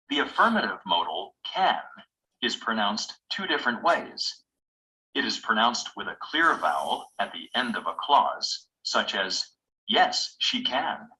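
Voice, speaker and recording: A man reading scripted instructional narration from course audio in a measured, explanatory way. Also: lowish voice, bright, forceful tone, low-quality recording.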